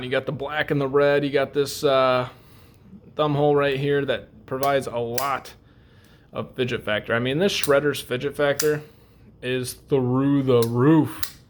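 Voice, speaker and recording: A man's voice: on the high side, a little hiss or hum. A young man hosting a casual knife review vlog, rambling with lots of fillers and joking at his own expense. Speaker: host.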